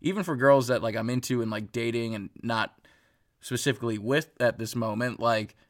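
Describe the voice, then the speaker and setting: A man in his twenties co-hosting a podcast in casual chat, thinking out loud in a rambling, reflective way with many fillers. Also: mid-range voice, normal speed. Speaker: podcast co-host.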